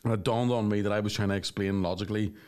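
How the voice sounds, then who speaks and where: A man, co-hosting a podcast in crude, animated casual chat. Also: lowish voice, racing. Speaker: podcast co-host.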